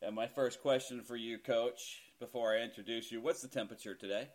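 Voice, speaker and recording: A man's voice: mid-range voice, steady tone, fairly quick. A middle-aged man hosting a casual podcast, chatty and self-deprecating, laughing easily as he talks. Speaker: podcast host.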